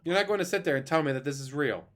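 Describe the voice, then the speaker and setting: A man with a fairly bright, high-leaning voice rants casually and very fast on a live stream. He swears a lot, laughs often, and mocks the people he's talking about, with faint music playing behind him.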